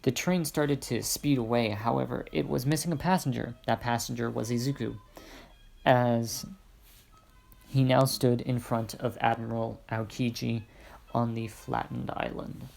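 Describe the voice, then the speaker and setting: Gravelly young man reading fan fiction. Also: mid-range voice, steady tone, a little slow, darkish tone. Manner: rambling asides, hesitant fillers. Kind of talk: casual story reading.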